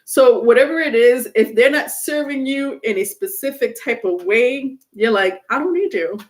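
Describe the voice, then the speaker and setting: A woman's voice: a little high, normal speed. A woman reads tarot on a casual live stream and talks right to her viewers. She is frank and chatty, and she drops curse words without a second thought. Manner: chatty and blunt, curses freely, laughs often. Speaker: tarot reader.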